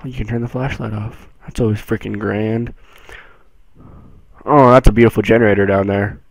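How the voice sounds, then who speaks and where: A young man giving casual commentary on a horror game, excitable and jumpy, moving between low mutters and sudden yells. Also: normal speed, vocal fry, dry recording, low-quality recording. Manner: jumpy, excitable, swings from mumbling to yelling. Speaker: gameplay streamer.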